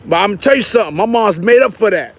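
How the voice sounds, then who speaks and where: A middle-aged man with a New York accent and a notably high, light voice, spinning a story from his Brooklyn neighborhood. He talks in loose street slang, animated and quick to act out what others said. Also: vocal fry. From Brownsville, Brooklyn. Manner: animated, slangy, acts out quotes with raised voice. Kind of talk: casual storytelling.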